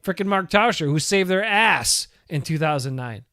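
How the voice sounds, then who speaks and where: Guy cohosting a sports show, smooth clear voice, bit high, dry close mic, jokes around and reads the chat. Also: lively intonation, normal speed, pushed and bright, no echo. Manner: joking, swears freely, reads out chat comments. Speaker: co-host of a sports talk show.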